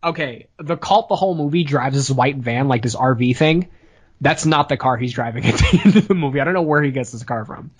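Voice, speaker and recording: A man co-hosting a casual movie review chat, retelling the plot in a profane, animated way. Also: mid-range voice, brisk, husky. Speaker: podcast co-host.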